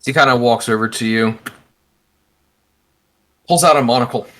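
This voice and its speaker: A man running a tabletop game on a livestream, his voice bright and forward. He narrates the scene loosely and casually, packing it with fillers as he goes. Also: mid-range voice, normal speed, pauses often. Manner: descriptive, with many fillers like "like". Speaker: game master.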